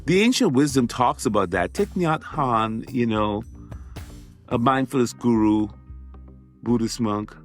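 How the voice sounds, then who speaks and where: Animated male podcast host. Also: mid-range voice, a little slow, faint music behind. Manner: emphatic, conversational, repeats phrases for effect. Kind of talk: motivational podcast monologue.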